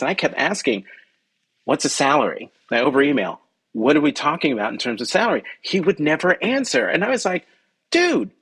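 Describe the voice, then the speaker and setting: On a rough recording, a husky-voiced man, a journalist guesting on a podcast, recounts something that happened to him. He performs the quoted lines with sudden pitch leaps, speaking animatedly while frequently saying "um" and backtracking to correct himself.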